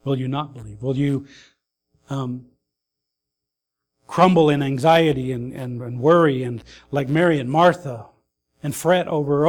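A man preaching a sermon, earnest and grieving his mother, pausing with fillers and rising to emphatic calls. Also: mid-range voice. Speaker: pastor.

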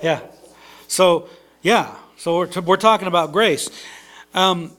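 A man's voice: high voice, slow pace, fairly bright tone. A man giving an informal sermon, reading scripture and explaining it in a conversational way with asides and fillers. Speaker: preacher.

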